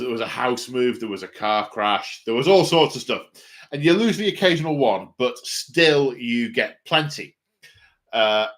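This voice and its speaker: An Englishman hosts a relaxed livestream about his hobby. He rambles with plenty of fillers and pokes fun at himself along the way. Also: medium pitch. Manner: rambling, self-mocking, many fillers. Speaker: hobby channel host. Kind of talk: casual livestream chat.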